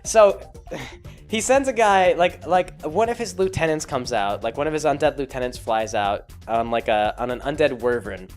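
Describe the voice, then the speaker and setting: A man's voice: mid-range voice, normal speed, faint music behind. A man casually recapping a tabletop game session in a rambling way, full of fillers and chuckles.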